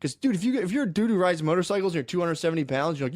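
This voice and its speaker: Fast-talking, rambling podcast guy. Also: sits high, expressive, no room sound, studio quality. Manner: rambling storyteller, heavy slang and swearing. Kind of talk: casual podcast chat.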